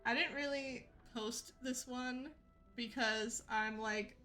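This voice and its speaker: Chatty woman streamer, higher voice, slow easy storytelling, laughs a lot. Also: fairly even intonation, bright, forceful tone, faint music behind, rough recording. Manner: chatty, laughs often, many fillers. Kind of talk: casual storytelling to a live chat. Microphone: desk mic with ring light setup.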